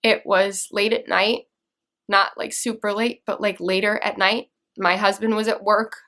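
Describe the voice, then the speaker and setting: A woman's voice: mid-range voice, pushed and bright. Young woman earnestly recounting a personal story. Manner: earnest, halting, with restarts and fillers. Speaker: vlogger.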